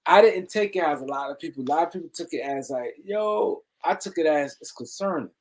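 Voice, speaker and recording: Man chiming in with halting replies. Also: on the high side. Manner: brief agreeing replies, halting restarts. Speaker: co-host. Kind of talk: casual sports chat.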